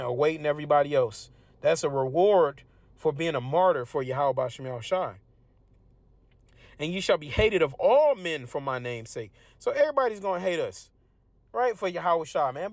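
Man, high voice, dry close sound. Casual preacher who reads verses slowly and explains them in slang. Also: no echo. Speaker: religious teacher. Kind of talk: informal scripture teaching.

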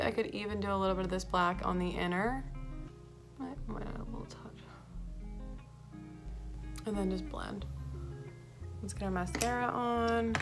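A woman's voice: medium pitch, fairly bright tone. A woman makeup artist chatting casually through a tutorial at home, a little out of breath, with lots of "like" in her talk. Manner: chatty, filler-heavy, enthusiastic about products. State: a bit out of breath.

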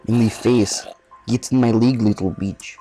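A man's voice: fairly low pitch, fairly even intonation, normal speed, warm tone, faint music behind. A man giving casual, joking gameplay commentary with trash talk. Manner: joking, trash-talking, reactive.

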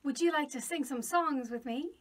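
A woman music teacher singing and talking to young children, slow, clear and playful, sometimes dropping to a whisper. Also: high-pitched, distant mic. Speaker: early years music teacher.

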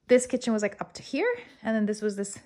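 An excited woman chats her way through a farmhouse renovation tour. She talks quickly and casually, in an everyday mid-pitched voice. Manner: excited, fast-talking, chatty. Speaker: vlogger showing a renovated farmhouse. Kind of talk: casual walk-through vlog.

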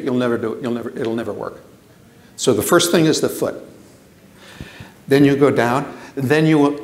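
Animated older man lecturing in echoey hall. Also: fairly high pitch. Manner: animated, repeats words, asks the audience questions. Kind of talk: lecture to an audience.

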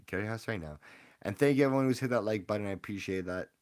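Excitable young man live-streaming. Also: on the low side, rapid-fire. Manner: excitable, rambling, hypes up the audience. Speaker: streamer opening trading card packs. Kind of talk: casual live-stream chat with viewer shout-outs.

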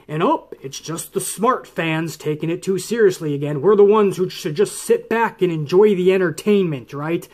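A man's voice: high-pitched, normal speed, few pauses, darkish tone. A man hosting a wrestling commentary show, ranting angrily and swearing a lot. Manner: angry, swearing, mocks referees in put-on voices.

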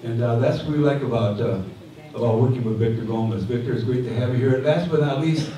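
A man's voice: mid-range voice, quick pace, a crowd in the background. A man moderating a panel at a conference, introducing the speakers with joking asides and many restarts. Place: community hall. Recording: echoey hall from far off, faint noise.

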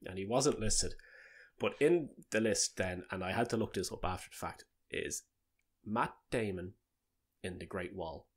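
A man co-hosting a casual podcast chat. His voice sits low with a husky edge, and he tells stories in an animated way, often breaking into laughter. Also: normal speed. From Ireland. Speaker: podcast co-host.

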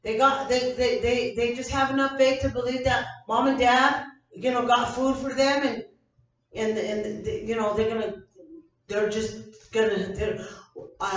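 A woman's voice: on the high side, steady tone, a little slow. An older woman preaching with fervent conviction, circling back over her own words as she builds each point. Her voice carries from a distance through a heavily echoing church hall. The sound is dull and muffled. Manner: fervent, repetitive preaching with many restarts. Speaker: pastor. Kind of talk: evening sermon. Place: church sanctuary.

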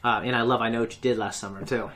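A man's voice: medium pitch, fairly even intonation, very fast, a bit bright. A man hosting a reaction video, chatting casually and enthusiastically in a rambling, self-correcting way. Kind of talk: casual fan commentary.

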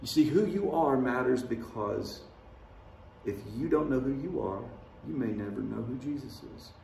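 A male pastor with a medium-pitched, darkish voice preaches expressively at normal speed, with some vocal fry. His sermon is conversational, featuring dramatic voiced quotes, and is heard from a distance in a large, echoing church sanctuary with a little hiss or hum.

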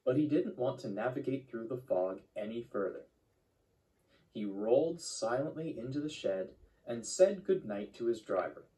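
A man narrating a children's train story in a measured, expressive storytelling manner. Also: mid-range voice, rough recording. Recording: loud background music.

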